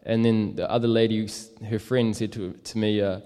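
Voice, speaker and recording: A man's voice: lowish voice, fairly even intonation, a little fast, warm tone. Rambling young man in echoey hall. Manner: rambling, many fillers and likes. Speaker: street evangelist. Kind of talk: casual storytelling.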